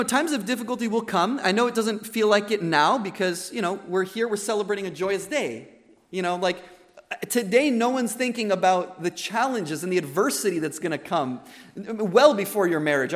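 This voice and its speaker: A man preaching a wedding sermon as the officiating minister, earnest and emphatic, often repeating his key phrases. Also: high-pitched. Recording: long hall reverb.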